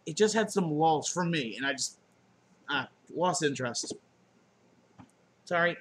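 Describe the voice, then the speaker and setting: Man, higher-pitched voice, casual joking unboxing chat, profane goofy asides, laptop mic, faint background hiss. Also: expressive, measured pace, fairly bright tone. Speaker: unboxing vlogger. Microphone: laptop camera.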